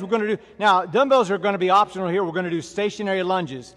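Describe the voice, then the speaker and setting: A man's voice: sits high, fast talker, hardly any pauses, a bit bright, big-room sound. A man with a Southern American accent leading a workout class, barking drill-style commands and counting repetitions. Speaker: fitness instructor. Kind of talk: workout instruction.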